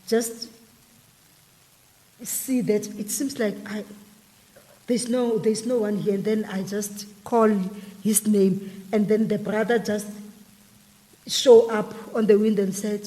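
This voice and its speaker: A woman's voice: medium pitch, mellow, big-room sound. A woman guest animatedly retelling a personal story in an interview, acting out the dialogue. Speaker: guest telling her story.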